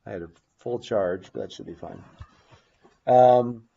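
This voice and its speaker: A man's voice: low voice, brisk, gravelly, warm tone, slightly rough, dull audio. A man teaching a church Bible class without a script, stopping to restart his phrases and reading scripture passages aloud with emphasis. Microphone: recording device on battery.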